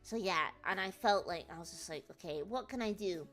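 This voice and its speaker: Bright-voiced woman telling stories. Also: mid-range voice, a little fast, faint music behind. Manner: rambling, animated storytelling with many fillers. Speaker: VTuber streamer. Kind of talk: casual livestream chat.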